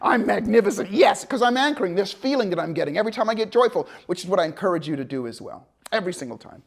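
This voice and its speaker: A man teaching a motivational seminar, telling a story with lively acted-out dialogue and swings between loud bursts and hushed, calm passages. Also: high voice, quick pace, gravelly. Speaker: motivational coach.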